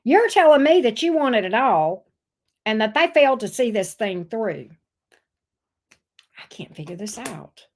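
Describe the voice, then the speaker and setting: Sassy, lively high-voiced woman reading tarot. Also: unhurried, pauses often. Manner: sassy, blunt, swears freely. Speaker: tarot reader.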